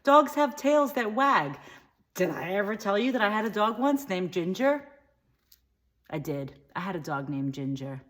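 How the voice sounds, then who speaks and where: Rambling dim-witted comic woman, as a woman plays her, satirical monologue, mid-pitched voice, flits between tangents. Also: sing-song, moderate pace, close to an everyday voice.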